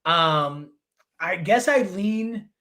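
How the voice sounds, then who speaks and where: A man's voice: high-pitched, expressive, extremely slow, pushed and bright. A man co-hosting a casual fantasy football chat, enthusiastic and thinking aloud with fillers.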